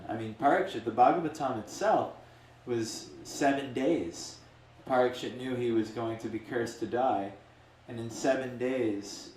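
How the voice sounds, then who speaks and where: A man's voice: on the low side, darkish tone, a little hiss or hum. A man giving a casual, rambling storytelling talk as a spiritual teacher. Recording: echoey room from a distant mic.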